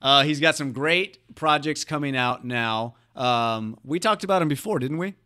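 A male podcast host with a bright, crisp voice. He is easygoing in casual chat and keeps things moving. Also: medium pitch, normal speed.

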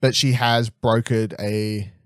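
A young man chatting casually as a podcast co-host, rambling and animated, swearing freely and restarting often. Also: fairly low pitch, slow pace, clean tone, no room sound, studio quality. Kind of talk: casual chat, TV episode predictions.

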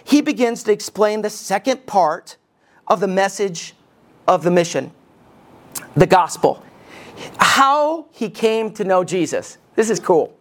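Animated preaching man, rhetorical questions. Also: high-pitched, unhurried, pauses often. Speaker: lead pastor. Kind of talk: sermon.

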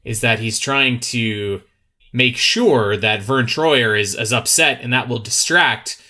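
A man co-hosting a podcast in casual chat, animated, swearing freely and laughing often. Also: mid-range voice, slow. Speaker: podcast co-host.

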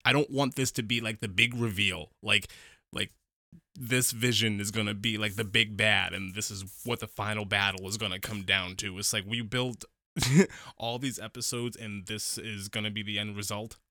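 A man's voice: on the low side, steady tone, moderate pace, sharp tone, no room sound, studio quality. A man co-hosting a casual podcast, sharing opinions on a TV series and repeating phrases as he thinks aloud. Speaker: podcast co-host. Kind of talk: casual episode review chat.

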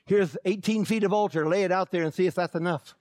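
A man's voice: sits high, quick pace, darkish tone, no echo, lightly acted. A man voicing a folksy old male evangelist who speaks with a lisp and a dry, drawling wit. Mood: wry.

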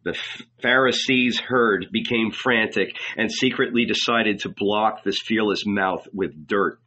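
Male audiobook narrator, slow and deliberate, husky voice, dull lo-fi recording. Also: lowish voice, pushed and bright. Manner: measured, deliberate reading. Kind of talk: scripted narration.

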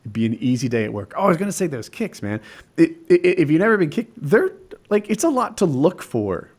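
A man in casual chat, telling fight stories in an animated, excitable way. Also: on the high side, brisk, husky.

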